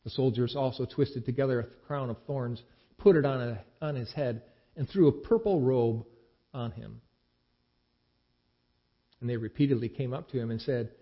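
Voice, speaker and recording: A man giving a dramatic scripture reading, expressive, with the quoted speech acted out. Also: medium pitch, normal speed, pauses often. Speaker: scripture reader. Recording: dull lo-fi recording.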